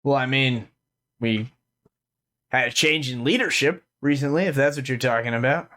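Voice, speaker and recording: A man's voice: mid-range voice, moderate pace, fairly bright tone, natural voice. A man voicing a tough young woman from a street gang, blunt and streetwise. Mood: gruff.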